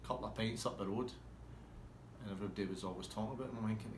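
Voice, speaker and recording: A man's voice: on the low side, rapid-fire, reverberant, slight background noise. A man telling a rambling, swear-heavy anecdote in a casual way. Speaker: storyteller.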